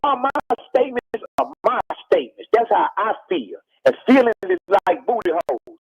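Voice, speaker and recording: A man's voice: very high-pitched, sing-song, normal speed, gravelly, breathy edge, dry recording. A man, calling in to a radio show over the phone and lecturing emphatically, repeating his points. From Texas. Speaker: rapper on a radio call-in. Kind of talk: heated radio phone interview. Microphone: telephone. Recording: muffled phone-line audio.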